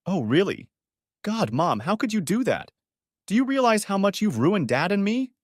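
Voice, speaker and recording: A furious young daughter, mocking and scornful, her voice pitched up and sharp, as a male narrator puts her on. Dry, close sound. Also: big pitch swings, normal speed, no echo.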